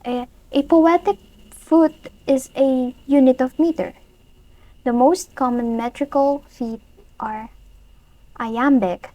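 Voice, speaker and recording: Slow, careful woman reading a lesson. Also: high voice, dark tone, no room sound, lo-fi sound. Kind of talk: reading a prepared lesson aloud.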